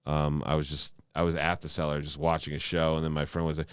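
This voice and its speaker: Male stand-up comic guest, very low voice, smooth and clean, dry close mic, rambling animated anecdotes with swearing. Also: fast talker, no room sound. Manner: animated storyteller, stammering restarts, frequent swearing. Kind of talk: casual podcast storytelling.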